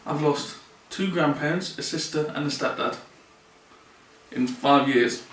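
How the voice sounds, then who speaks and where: A man speaks earnestly and plainly in a personal vlog, often circling back to repeat himself. His voice sits a little high for a man. He sounds some way from the mic, in a room with noticeable echo. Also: unhurried. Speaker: vlogger. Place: room in his mother's home. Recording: roomy sound from a distant mic.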